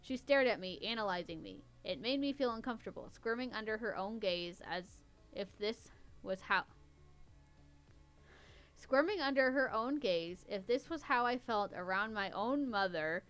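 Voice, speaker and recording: A woman's voice: medium pitch, lively intonation, moderate pace, fairly bright tone, clean tone, soft background music. A woman podcast host reading a story aloud in a casual way, stopping to poke fun at the writing. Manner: wry, stops to mock the writing. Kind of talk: casual reading with running commentary.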